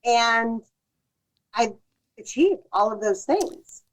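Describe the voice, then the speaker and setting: A woman's voice: fairly high pitch, expressive, takes it slowly, low-quality recording. Thoughtful woman giving advice. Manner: thoughtful, restarts sentences. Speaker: podcast guest, bookkeeper. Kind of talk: casual advice conversation.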